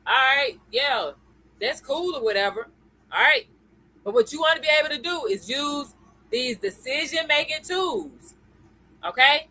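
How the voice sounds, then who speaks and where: A woman's voice: sits high, expressive, unhurried, pushed and bright, a little hiss or hum, rough recording. A woman hosting a live-stream lesson. She talks in a chatty way, greets viewers by name and keeps checking in with "okay?" and "y'all.". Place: at home computer.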